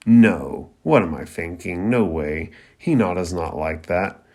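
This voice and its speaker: A man with a fairly low voice, reading the frantic inner thoughts of a panicky teenage boy ninja. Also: lively intonation, a little slow, dark tone. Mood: worried.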